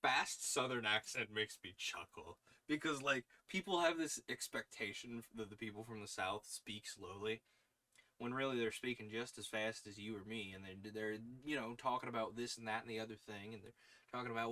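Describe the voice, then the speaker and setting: A man's voice: mid-range voice, animated, moderate pace, sharp tone. A young man with a Long Island accent, hosting a casual livestream, laughing often while trying out accents. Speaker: podcast host.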